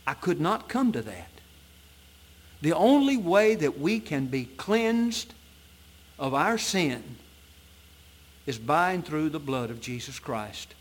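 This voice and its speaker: A man preaching an evening sermon in a church, reading scripture in old-fashioned wording and swinging between loud emphatic peaks and low, soft passages. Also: sing-song, slow pace, long pauses, husky. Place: church sanctuary at an evening service.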